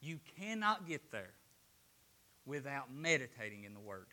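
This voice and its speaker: A man preaching a sermon to a congregation, swinging between loud, emphatic declarations and hushed, quiet asides. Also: mid-range voice, very animated, a little slow.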